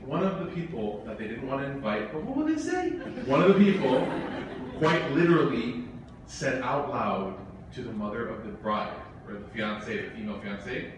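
A man's voice: mid-range voice, very animated, moderate pace. A man giving an informal religious talk, telling stories with humor and many asides. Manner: humorous storytelling with frequent asides. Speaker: Islamic speaker. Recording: very echoey hall, from far off, faint noise.

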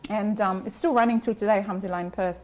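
A woman talks as a guest in a relaxed chat. She speaks earnestly and reflectively, often pausing to restart her sentences. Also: medium pitch. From Australia. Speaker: guest, community organizer. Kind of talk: casual chat.

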